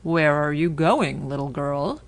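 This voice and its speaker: A woman voicing a big, hungry wicked wolf in a storybook reading, with loud, drawn-out lines. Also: sits low, expressive. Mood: sly.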